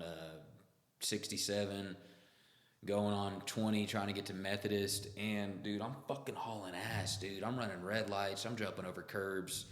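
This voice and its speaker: Deep-voiced man in an echoey room. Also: fairly bright tone. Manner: crude, joking, loose and profane. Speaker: storyteller. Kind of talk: casual storytelling monologue. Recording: echoey room with long reverb.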